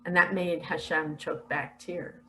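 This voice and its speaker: An older woman earnestly recounting a spiritual vision in a slow, heartfelt, emotional way. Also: fairly low pitch, steady tone, fairly bright tone, a little hiss or hum, poor audio. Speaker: spiritual speaker sharing visions.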